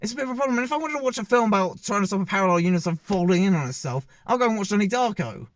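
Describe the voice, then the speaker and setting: Male film reviewer, slightly high voice, loose and hesitant delivery, dead-dry recording. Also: lively intonation, very fast, no echo. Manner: rambling, hesitant, many fillers and restarts. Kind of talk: casual spoken movie review.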